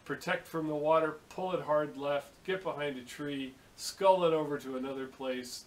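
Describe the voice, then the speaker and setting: On poor audio, a man with a fairly high, steady voice talks at normal speed with few pauses. He's a Bay Area vlogger from San Francisco, USA, chatting in a vehicle, swearing, rambling, and recounting stories with quoted dialogue.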